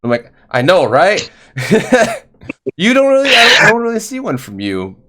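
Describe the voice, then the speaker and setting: A man's voice: high voice, wildly swooping pitch, moderate pace, crowd noise. A man hosting a casual interview podcast, rambling and stumbling over his words. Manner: rambling, stumbling, frequent fillers. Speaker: podcast host.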